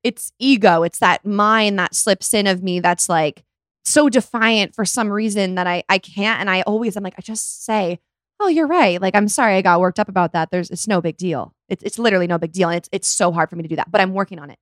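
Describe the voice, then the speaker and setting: A woman's voice: medium pitch, a little fast, no room sound, clean studio sound. A young woman co-hosting a casual chat, talking freely with many "like" fillers. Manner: chatty, lots of "like" fillers. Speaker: podcast co-host.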